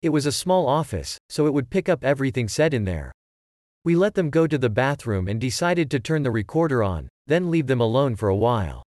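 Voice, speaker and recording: A man's voice: mid-range voice, big pitch swings, fairly quick, darkish tone, no echo, studio quality, close to an everyday voice. A man voicing an older lawman who plainly recalls an old case. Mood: recollecting.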